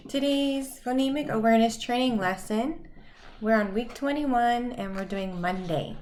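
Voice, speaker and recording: A woman teacher leading a phonics lesson for young children, saying each word slowly and clearly and praising the listeners. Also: on the high side, darkish tone, slight background noise. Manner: slow, clearly enunciated words with pauses; encouraging, praising.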